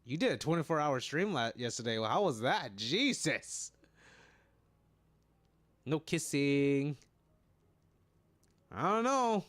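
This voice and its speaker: Lively, excitable male streamer. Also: fairly high pitch, takes it slowly, pauses often. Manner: excitable, laughing, swearing banter with chat. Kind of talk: casual live-stream chat.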